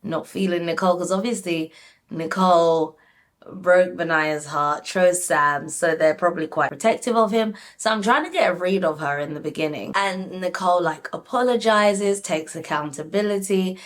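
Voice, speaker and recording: A young woman casually reviewing a reality show, animated and talking straight to her viewers with lots of "like". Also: lowish voice, moderate pace. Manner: animated, frequent "like", addresses viewers. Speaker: reality TV recap YouTuber.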